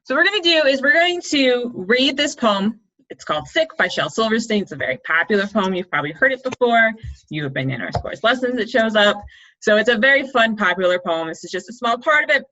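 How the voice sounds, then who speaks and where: A woman's voice: a little high, animated, fairly quick, sharp tone, lo-fi sound. A woman coach teaching a chatty, upbeat online writing lesson, explaining step by step.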